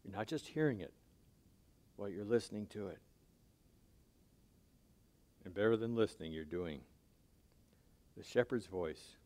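A man preaching a sermon in a conversational way, often checking in with his listeners and dropping to a soft, low voice on key points. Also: lively intonation, a little slow, long pauses. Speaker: pastor.

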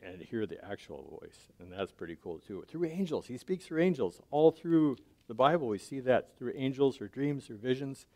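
A male pastor preaching in an easygoing, conversational way. He keeps checking in with his listeners and drops into a quiet, low tone for emphasis. His pitch sits in the middle range. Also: expressive, normal speed, hardly any pauses. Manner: drops to a soft low voice on key points. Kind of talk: sermon.

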